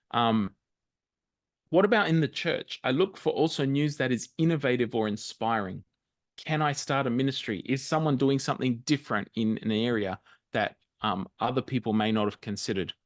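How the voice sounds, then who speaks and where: A man's voice: medium pitch, no room sound, studio quality. Australian man presenting a webinar. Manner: conversational, with frequent ums and restarts. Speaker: church magazine editor presenting a webinar. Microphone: video call.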